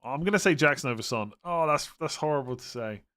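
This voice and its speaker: The host here is a man with a fairly high, clear and resonant voice, chatting casually on a live stream as he tackles viewers' fantasy football questions. He's laid-back, thinking aloud with fillers and delivering fast verdicts.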